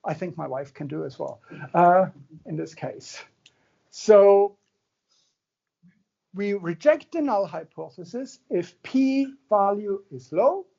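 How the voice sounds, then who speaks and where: In a muffled recording, a man delivers a university lecture in a relaxed, joking style, frequently checking in with his listeners. His voice is high-pitched, expressive and warm, with a creaky quality, a slow delivery and long pauses.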